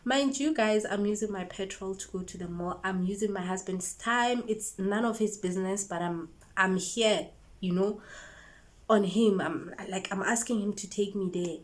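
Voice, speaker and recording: A woman with a South African accent, a YouTuber and make-up artist telling a storytime vlog in a lively way, acting out the conversations she recounts. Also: medium pitch, moderate pace.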